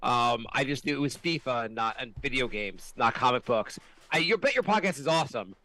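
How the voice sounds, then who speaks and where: A man's voice: medium pitch, expressive, brisk, bright, forceful tone, no room sound. A man co-hosting a casual comedy podcast, rambling and hesitant with lots of ums. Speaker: co-host.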